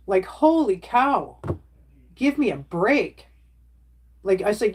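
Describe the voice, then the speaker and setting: A woman's voice: medium pitch, expressive, slow pace, long pauses, a little hiss or hum. A middle-aged woman chatting candidly with her viewers on a casual livestream. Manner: candid, talks straight to chat, plain-spoken.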